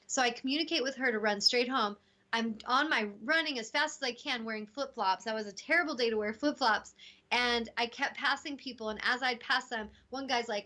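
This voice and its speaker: A woman hosting a casual spiritual talk show, telling stories with lively acted-out quotes. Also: a little high. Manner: animated storytelling, acting out voices in quotes. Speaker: host.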